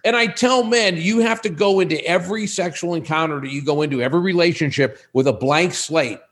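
A man's voice: fairly high pitch, a little fast. A man in his sixties, a podcast guest, chatting casually and acting out the voices of people in his stories. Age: 60s. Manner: animated storyteller who acts out quoted dialogue. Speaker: guest, sexual wellness business owner.

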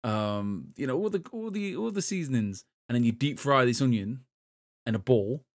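A man's voice: mid-range voice, lively intonation, moderate pace. A man, a podcast co-host in casual chat, rambling with lots of fillers. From Europe. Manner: rambling, full of "like" and "um".

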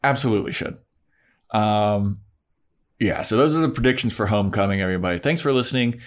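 A man's voice: fairly low pitch, fairly quick. A man co-hosting a casual podcast, talking in a joking, sarcastic way. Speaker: podcast co-host. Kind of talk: casual rewatch podcast chat.

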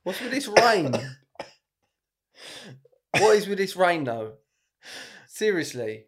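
A man's voice: high-pitched, sing-song, slow pace, voice pushed up, full character voice. A man voicing a brash woman newly arrived from Nigeria who grumbles about the cold and rain in an indignant, whiny way. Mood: complaining.

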